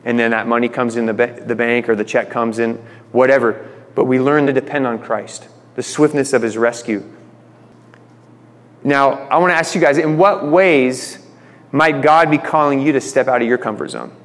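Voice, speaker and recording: A man's voice: mid-range voice, fairly even intonation, normal speed, a bit bright, long reverb tail. A man preaching a sermon in a conversational way, retelling stories with voiced quotes. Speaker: pastor.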